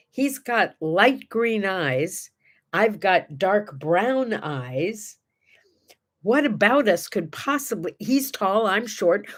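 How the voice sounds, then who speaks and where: Middle-aged lady host just chatting, storytelling, does little voices for quotes. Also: medium pitch. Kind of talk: casual chat.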